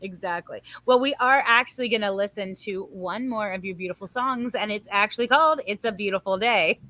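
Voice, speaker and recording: A woman hosting a music radio show and working as a vocal teacher, chatting in a lively, coaching way and laughing often. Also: medium pitch, a little fast, no room sound. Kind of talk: casual chat.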